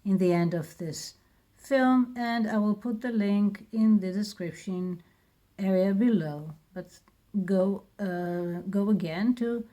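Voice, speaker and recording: Israeli lady teacher, talks real slow, repeats words over and over. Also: medium pitch, warm tone. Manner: patient, repeats words slowly. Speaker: Hebrew teacher. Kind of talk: slow spoken lesson.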